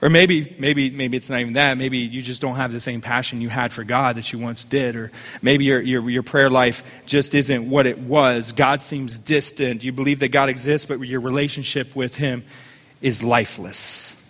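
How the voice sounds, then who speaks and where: A man's voice: medium pitch, fairly even intonation, moderate pace, a bit bright, big-room sound. A man preaching a sermon as the pastor of a church, calling on listeners to repeat phrases back to him. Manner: fervent preaching with call-and-response.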